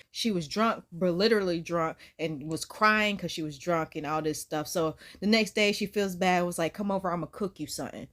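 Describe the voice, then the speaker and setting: A woman hosting a reaction video, talking in an animated, slangy way and acting out quotes. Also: lowish voice, normal speed, few pauses. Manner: animated, slangy, acts out quotes with squealy voices. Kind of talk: casual reaction commentary.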